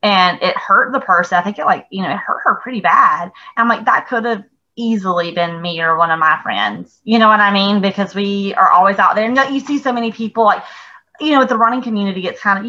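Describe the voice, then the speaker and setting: A middle-aged woman telling stories in a casual podcast chat, animated, laughing and swearing freely. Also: medium pitch, brisk, dull audio. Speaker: podcast co-host.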